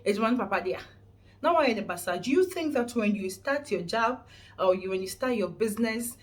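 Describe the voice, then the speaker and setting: A woman with a Ghanaian accent giving an earnest, preachy motivational vlog talk, stressing points and often restarting words. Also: fairly high pitch. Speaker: vlogger host.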